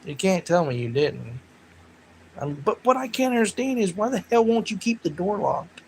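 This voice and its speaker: Gravelly man rambling on a livestream. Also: on the high side, a little hiss or hum, rough recording. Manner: rambling, animated storytelling with loud laughing outbursts. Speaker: livestream host. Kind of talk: casual livestream chat with viewers.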